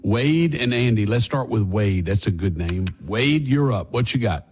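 A man's voice: lowish voice, lively intonation, moderate pace, darkish tone, slight background noise. A man hosting a radio call-in show, taking callers and delivering his lines with dry comic timing. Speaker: radio talk show host.

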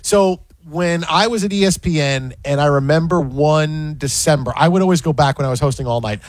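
A man hosting a sports radio show, telling quick stories with lots of restarts in a casual chat. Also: on the high side, dry recording. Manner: animated, quick storytelling with restarts. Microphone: studio microphone.

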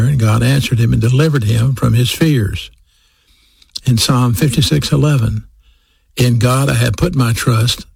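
Gravelly, husky male preacher. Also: mid-range voice, a little mellow, dry recording. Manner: emphatic, repeats key phrases slowly. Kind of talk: sermon.

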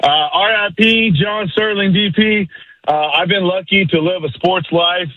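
A man's voice: sits high, unhurried, no room sound. A man calling in to a sports radio show, hyped and slangy, rattling off opinions. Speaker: caller. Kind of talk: phone-in call. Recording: phone line.

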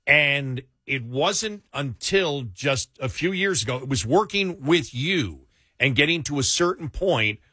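A man with a medium-pitched voice and no room sound hosts a radio show and podcast. He chats casually and tells animated stories, laughing frequently.

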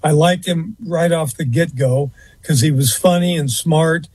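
Husky man telling a long story. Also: fairly high pitch, a little mellow, no echo. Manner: rambling, fills pauses with uh and um, restarts. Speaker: interview guest. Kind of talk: anecdotal storytelling in conversation.

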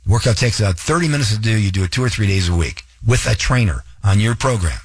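A man hosting a radio talk show, coaching listeners directly and spelling out details slowly. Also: fairly low pitch, expressive, breathy edge.

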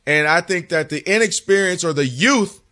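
A man's voice: high voice, normal speed. A man co-hosting a sports talk radio show, talking energetically and taking calls in a studio. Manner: energetic, runs the phone lines.

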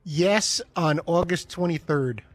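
A man's voice: a little high, slow, no room sound, faint music behind. A man co-hosting a sports talk show, playful and joking. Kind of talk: casual studio banter.

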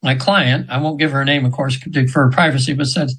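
Speaking briskly in a husky, mid-range voice with fairly even intonation and a fairly bright tone, a male guest hypnotherapist in his seventies tells casual stories in an interview. He rambles earnestly, with lots of fillers and restarts, on a rough recording.

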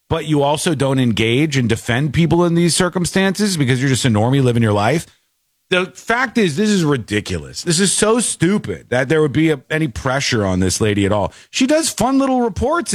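A man's voice: fairly high pitch, no room sound, clean studio sound. A man hosting a talk show, commenting in a mocking, exasperated way. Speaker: show host.

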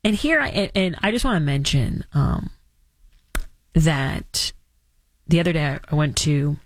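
Woman host, sarcastic chat, husky edge, animated pitch. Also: unhurried, no room sound. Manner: sarcastic, mock-dramatic. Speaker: radio talk show host. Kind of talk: casual opinionated chat.

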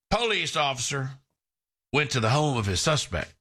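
A man hosting a casual radio chat, talking in halting restarts and telling dry corny puns. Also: mid-range voice, expressive, fairly bright tone.

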